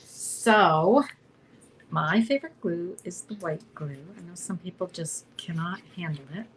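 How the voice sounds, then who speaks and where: A woman's voice: on the low side, unhurried, a little hiss or hum. A middle-aged Canadian woman chatting through a live card-making demo, narrating each step and often asking "right?". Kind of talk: live online crafting demo.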